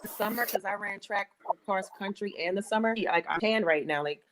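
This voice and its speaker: A woman's voice: medium pitch, normal speed, a crowd in the background, rough recording. A young American woman telling stories in a blunt, profane, casual way. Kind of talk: casual chat.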